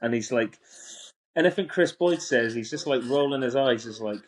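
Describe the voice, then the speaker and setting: A young Scottish man co-hosting a live football podcast. He talks in a relaxed, easygoing way, mostly agreeing in short replies before adding his own take. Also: medium pitch, moderate pace. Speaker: podcast co-host. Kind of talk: casual football chat.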